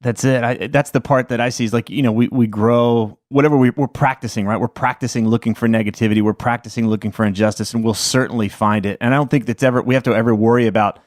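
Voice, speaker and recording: A man's voice: mid-range voice, fairly even intonation, fast talker, few pauses, dry recording, studio quality. A man hosting a podcast interview, enthusiastic and openly emotional in casual conversation. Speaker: podcast host.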